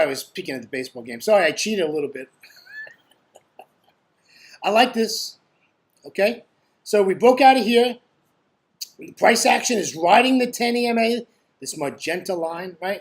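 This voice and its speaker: Trading tutor, male, high-pitched, talks loosely and jokes, says "right?" constantly. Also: normal speed, long pauses. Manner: chatty, constantly asks "right?"; blunt and joking. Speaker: forex trading educator. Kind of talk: casual screen-share trading commentary.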